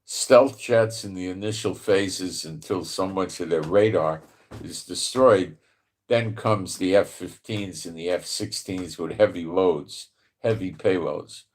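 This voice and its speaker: A man with a New York accent speaks slowly in a very low voice. He drifts from point to point in casual commentary, chuckling now and then, and stretches out scripture when he reads it aloud. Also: darkish tone. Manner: rambling, chuckles often, reads verses slowly and deliberately. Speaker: Bible prophecy channel host. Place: home in Israel.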